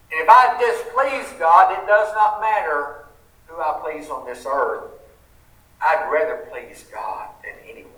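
A man's voice: high-pitched, sharp tone. A man with a Southern US accent preaching a sermon, earnest and folksy, asking the congregation rhetorical questions. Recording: roomy sound from a distant mic.

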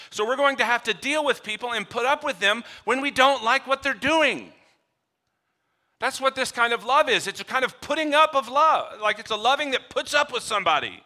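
A man preaching a sermon, shifting between quiet low passages and loud emphatic ones, acting out little dialogues with humor. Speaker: pastor.

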